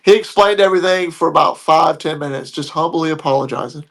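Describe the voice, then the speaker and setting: A man's voice: a little high, fairly quick, creaky, few pauses, a bit bright. A man telling a story in a casual, blunt, heated way, swearing freely. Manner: blunt, profane, heated retelling. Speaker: podcast guest telling a story.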